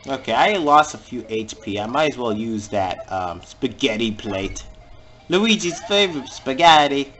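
A man giving jokey let's-play commentary over a video game and reacting with sudden loud exclamations. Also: medium pitch, expressive, measured pace, soft background music. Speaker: gamer playing through a video game.

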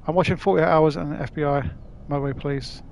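A man's voice: on the high side, brisk, creaky, a little mellow, a little hiss or hum. A man chatting casually on a live stream while playing, laughing often and swearing freely.

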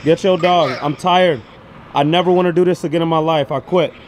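A man's voice: a little high, steady tone, a little fast, a crowd in the background. A young man vlogging outdoors on city streets, joking and teasing his dog in comedic banter. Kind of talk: comedic walking vlog.

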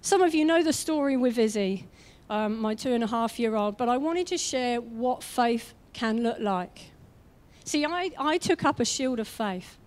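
High-voiced woman preaching a lively sermon. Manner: energetic and conversational, with quick asides; acts out quoted voices. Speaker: guest preacher.

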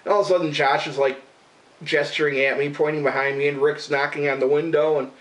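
Man, slightly high voice, rambling exasperated rant with lots of swearing, a bit off-mic. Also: little pitch movement, fast talker, fairly bright tone, recorded from a distance, low-quality recording. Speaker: radio show regular and vlogger. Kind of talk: casual profane rant to camera.

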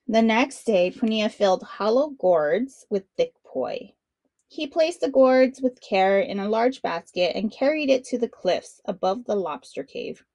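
A woman narrates a children's picture book in a friendly, expressive read-along voice. Her pitch sits in the middle for a woman. The recording is dry and close, with no room echo. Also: unhurried. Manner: bright, friendly storytelling to children. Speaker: storybook reader.

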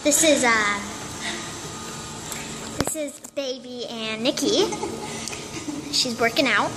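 A woman's voice: fairly high pitch, slow pace. A playful young woman chatting to viewers in a casual vlog at a gym. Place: community gym. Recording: echoey gym, loud background noise.

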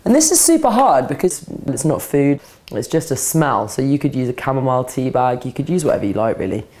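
A woman dog trainer, calmly explaining a scent game step by step while softly praising and cueing a dog. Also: rumbling low, brisk, slight background noise. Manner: calm, practical explaining, breaking into soft praise and commands to a dog. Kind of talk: instructional demonstration. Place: indoors, training session with a dog.

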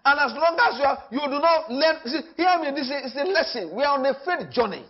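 A man with a Nigerian accent preaching a sermon in church. He talks with emphasis, repeats his phrases and swings from loud to hushed. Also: extremely high pitch, expressive, fairly quick, dull audio. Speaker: pastor.

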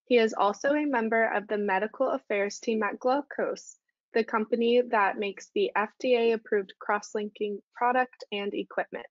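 A woman's voice: on the high side, no room sound. Woman reading a dry, lo-fi podcast intro. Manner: reads a prepared welcome evenly. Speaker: assistant director of a foundation, podcast intro. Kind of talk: scripted introduction.

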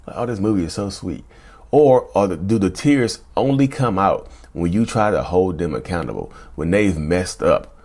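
Man, very deep voice, casual host talk, repeats phrases, says y'all. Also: a little mellow. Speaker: YouTube host.

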